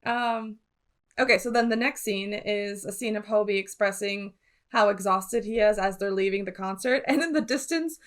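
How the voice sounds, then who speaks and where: A woman's voice: medium pitch, normal speed. A woman co-hosting a casual podcast chat, explaining her thoughts at length. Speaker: podcast co-host.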